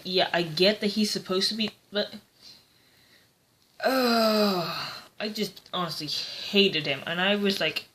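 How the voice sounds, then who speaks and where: A woman's voice: mid-range voice, pushed and bright. A woman giving a casual, rambling book review, hesitant and full of fillers.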